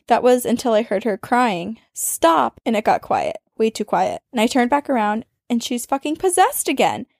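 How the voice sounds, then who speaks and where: A woman podcast host reading a listener's ghost story aloud, with dramatic storytelling that speeds up and slows down for suspense. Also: on the high side, very animated, a little mellow, dry recording, clean studio sound.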